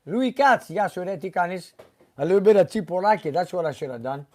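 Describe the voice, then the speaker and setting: A man with a somewhat high voice hosts a casual live stream from his garage. He reads viewer comments aloud one after another, chatting loosely about each, and now and then slips into Greek phrases. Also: lively intonation, a little fast, a little mellow. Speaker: host reading live chat. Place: car garage shop.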